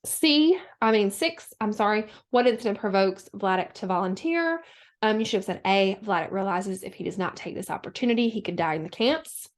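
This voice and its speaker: A woman teacher giving a recorded lesson, talking students through the steps in a steady, instructional way with frequent fillers. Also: mid-range voice, a little fast.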